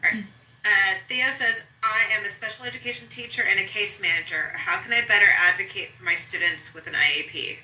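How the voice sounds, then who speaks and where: Brief: bright-voiced woman host reading questions plainly, room echo around her. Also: mid-range voice, fairly quick. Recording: roomy echo.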